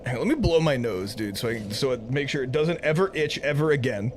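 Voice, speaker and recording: A man streams a game live into a compressed streaming mic, shrieking and laughing at his own mistakes, swearing freely and mocking himself as he explains at length what went wrong. His voice is medium-pitched and brisk with lively intonation and hardly any pauses, and there's slight background noise.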